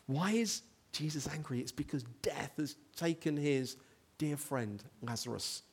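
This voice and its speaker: A man's voice: on the high side, measured pace, husky. A man preaching a sermon, telling a story with animation and asking the congregation questions. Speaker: pastor.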